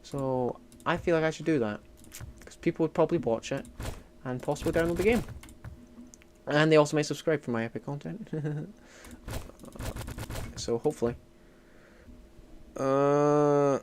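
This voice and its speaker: A man's voice: on the high side, normal speed, long pauses. A young Scottish man chatting casually while streaming a strategy game, reading and answering chat with joking, mock-indignant outbursts. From Scotland. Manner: chatty, jokey, swings between mumbling asides and loud mock outrage. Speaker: gaming streamer.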